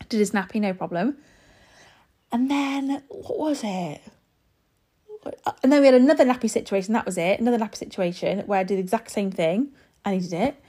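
A woman's voice: on the high side, expressive, a little fast, mellow, husky. A woman in her thirties chatting casually to her viewers as a parent vlogger, rambling with lots of fillers and restarts. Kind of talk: casual chat to camera.

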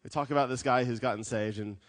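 A man preaching a sermon as a pastor, telling stories with lively acted quotes. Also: medium pitch, fast, no echo. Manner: animated storytelling with acted quotes.

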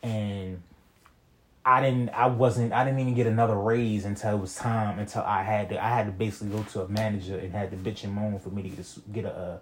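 A man's voice: on the low side, steady tone, a little fast. Slangy young man telling a story. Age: young adult. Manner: slangy, rambling, frequent "you feel me" and restarts. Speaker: vlogger telling a personal story. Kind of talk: casual storytelling monologue.

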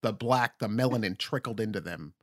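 A man's voice: on the low side, a little fast, no echo, clean studio sound. A man chatting casually on a comedy podcast, rambling and acting out the voices of people he mocks.

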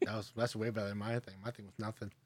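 A man's voice: lowish voice, little pitch movement, racing, darkish tone, no room sound. A man in casual chat who laughs often and mostly gives short agreeing replies.

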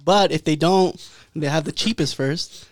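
Young guy cohosting a podcast, kinda high voice, dry sound, cusses a lot and acts out what people said. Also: unhurried, no echo. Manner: animated storyteller, acts out quotes in a higher voice, swears a lot. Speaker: podcast co-host. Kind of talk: casual chat.

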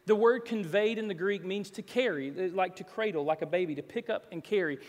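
A male pastor with a high, light voice delivers a sermon, moving from relaxed storytelling into swelling, emphatic appeals. His words ring out with the long reverb of a large church hall. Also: a little fast. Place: church sanctuary.

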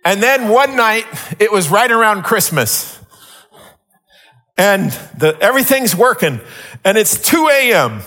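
A middle-aged man, a pastor, giving a sermon with animated, humorous personal stories. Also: sits high, a little slow, pauses often. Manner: animated storytelling, rising into excited exclamations.

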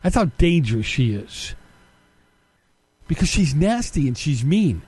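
Combative man with a lively voice. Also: a little high, unhurried, slightly rough. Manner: combative, sarcastic, rhetorical questions. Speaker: political commentary host. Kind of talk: opinionated monologue.

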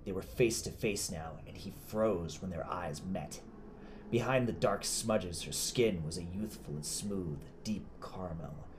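A man narrating a scripted horror story in a measured, deliberate way. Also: sits low, a little mellow, slight background noise.

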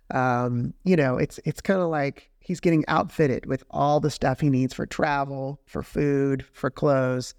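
A man co-hosting a missionary podcast, calmly explaining Bible word meanings in casual chat. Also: a little high, gravelly, dry recording, studio quality. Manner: calm, steady explaining. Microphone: podcast microphone.

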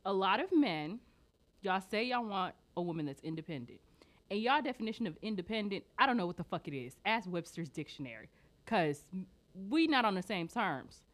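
Animated blunt woman co-host. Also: medium pitch, normal speed. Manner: blunt, profane, opinionated. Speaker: podcast co-host. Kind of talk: casual chat.

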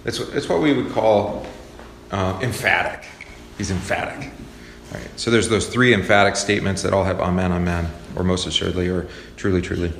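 A man teaching a Bible study class in a relaxed, conversational way, with many fillers. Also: low-pitched, moderate pace, slight background noise. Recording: echoey hall with faint ambience.

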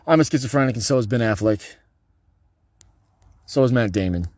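A man giving a rambling, erratic, profane monologue, swinging between low muttering and loud outbursts. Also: moderate pace, no room sound.

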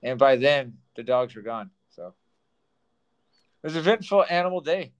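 A man's voice: mid-range voice, lively intonation, normal speed, clear, resonant tone. A man co-hosting a casual podcast, a teacher telling stories in a chatty way. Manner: chatty storyteller, laughs often. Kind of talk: casual chat.

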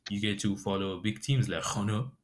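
A man doing an impression of a documentary narrator, slow and deadpan with drawn-out fillers. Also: lowish voice, lightly acted. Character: male documentary narrator, calm and measured.

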